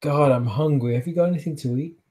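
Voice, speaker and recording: A man's voice: on the high side, fast talker, dark tone, lightly acted. A man voicing a dazed, hungry, newly turned female vampire prophet who drawls dreamily and drifts off mid-thought. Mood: dreamy. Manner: drawling, dreamy, easily distracted.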